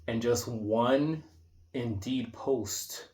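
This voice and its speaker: A vlogger in his thirties, with a medium-pitched, slightly mellow voice, speaks extremely slowly in an indoor room. His unscripted monologue is casual and reflective, rambling along with many restarts and fillers.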